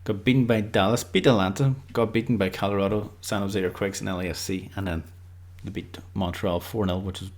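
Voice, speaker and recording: Rambling man, lowish voice. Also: fairly even intonation, fairly quick, hardly any pauses, darkish tone. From Ireland. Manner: rambling, loose, lots of filler words. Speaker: football prediction YouTuber. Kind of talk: casual unscripted commentary.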